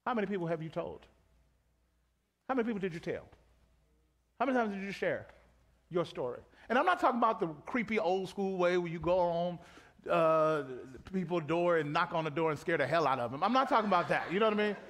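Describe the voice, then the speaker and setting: A man pastor preaching a live sermon in a church auditorium, animated and conversational, calling out to the congregation. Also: high voice, quick pace.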